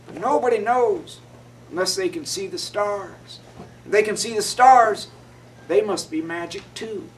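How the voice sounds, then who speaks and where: A man's voice: high voice, lively intonation, a little slow, recorded from a distance, a little hiss or hum, rough recording. A man voicing a kindly, chuckling old wizard in a told story.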